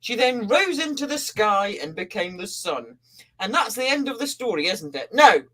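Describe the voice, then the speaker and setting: Lively, bright-voiced woman storyteller. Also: mid-range voice, normal speed. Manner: playful, breaks into silly character voices. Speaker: podcast co-host telling a myth. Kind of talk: casual storytelling chat.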